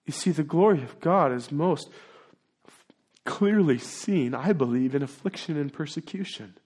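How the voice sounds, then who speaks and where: A male pastor delivers a sermon in a slightly higher-than-usual voice. His preaching is earnest, moving between low, quiet asides and emphatic, rising declarations. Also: animated, unhurried.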